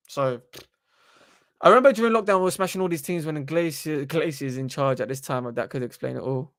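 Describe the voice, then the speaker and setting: A young man, hosting a casual live stream into a desktop microphone and talking in an animated, slangy, sweary way. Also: sits high. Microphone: desktop USB microphone.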